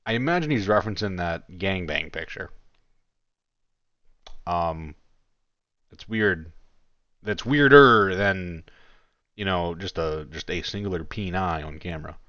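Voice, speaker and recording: A man with a fairly low voice gives casual commentary in a mocking, incredulous tone and swears freely. The recording is dry and a little dull, with no room sound. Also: lively intonation, a little slow, pauses often, bright, forceful tone, dry recording.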